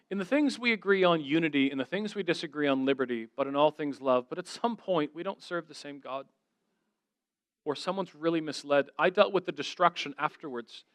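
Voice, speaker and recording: A man's voice: fairly high pitch, a bit bright, no room sound. A middle-aged man giving an earnest, conversational sermon as a guest speaker, telling stories and voicing the people he quotes.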